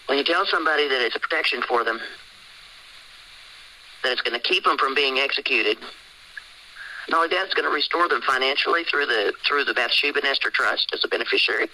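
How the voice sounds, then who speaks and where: Bright-voiced guy hosting a call, insistent, keeps asking why. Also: medium pitch, a little hiss or hum, poor audio. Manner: insistent, rhetorical questions. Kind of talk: sermon-style call talk.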